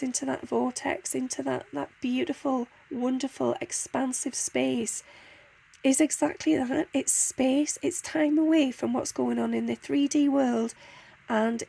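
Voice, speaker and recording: A woman giving a soft, heartfelt spiritual card reading, pausing often and restarting her sentences. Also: high-pitched, vocal fry. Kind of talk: channelled guidance reading.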